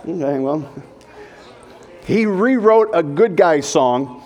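High-voiced man preaching a jokey sermon. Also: expressive, slow pace, a little mellow. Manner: jokey and conversational, addresses the congregation. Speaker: pastor. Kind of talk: humorous sermon.

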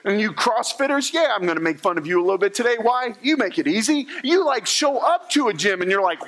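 High-voiced, animated male pastor preaching. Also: quick pace, hardly any pauses. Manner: humorous, animated storytelling with acted-out quotes. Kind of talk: sermon.

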